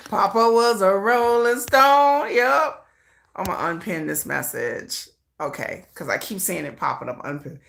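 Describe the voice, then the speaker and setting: A woman hosting a casual livestream, chatting loosely, laughing often and breaking into excited shrieks. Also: fairly low pitch, unhurried, vocal fry. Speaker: livestream host.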